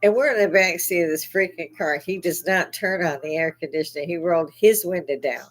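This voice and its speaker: A woman's voice: fairly low pitch, brisk, poor audio. A middle-aged woman hosting her own show, telling a story in a blunt, profane way and often breaking into laughter. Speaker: podcast host. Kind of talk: casual storytelling monologue.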